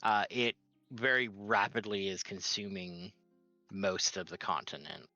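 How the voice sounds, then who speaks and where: A man narrating a tabletop role-playing game as game master, slow and halting with many restarts. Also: on the low side, sharp tone, muffled recording, faint music behind.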